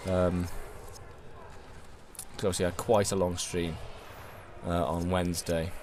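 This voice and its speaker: A man's voice: deep voice, level tone, measured pace, darkish tone, a little hiss or hum. A man commentating his own gameplay live, chatty and wry, talking to his viewers while tired and yawning late at night. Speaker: game streamer.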